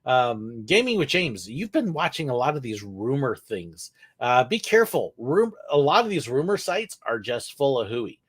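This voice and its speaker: A man's voice: mid-range voice, very animated, normal speed, hardly any pauses, slightly rough. A man hosting a live question-and-answer stream, chatting casually and rambling a little, with corny puns thrown in. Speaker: livestream host answering viewer questions.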